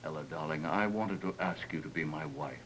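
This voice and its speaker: A brooding older man speaks softly and pleadingly in a deep voice. This is 1930s film acting. Faint hiss sits under an old soundtrack. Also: brisk, poor audio. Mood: tender. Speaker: house owner.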